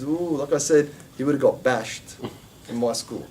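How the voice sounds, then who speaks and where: A male religious teacher gives a class in a lively, emphatic manner. He fires off rhetorical questions and stresses his points by repeating them. His voice sits fairly high for a man. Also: normal speed, a little hiss or hum. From Australia.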